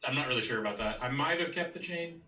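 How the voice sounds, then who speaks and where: A man's voice: mid-range voice, lively intonation, fast, pushed and bright, dull audio. A man co-commentating a card game match, weighing the options and backing the player. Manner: weighs lines and backs the player. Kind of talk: casual gameplay commentary. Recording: echoey, distant mic with faint noise.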